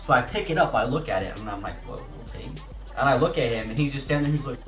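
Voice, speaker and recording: A young man telling a casual storytime, animated and jokey, acting out voices. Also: mid-range voice, quick pace. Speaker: YouTuber. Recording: echoey room, music behind.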